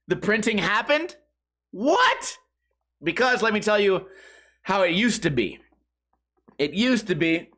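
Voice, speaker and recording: A man hosting a comedy podcast, telling casual stories in an animated, rambling way, acting out his own reactions and swearing freely. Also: high voice. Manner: swears freely, says "dude" and "bro". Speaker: podcast host.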